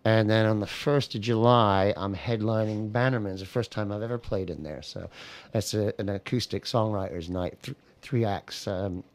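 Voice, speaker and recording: An American man with a lowish voice chats in a radio studio about his gigs and his songs. He rambles in an easygoing way, circling back with fillers and restarts, and the odd Scottish word slips into his American accent. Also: moderate pace, hardly any pauses. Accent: American, picking up Scottish words. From United States. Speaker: singer-songwriter guest. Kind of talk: casual radio interview.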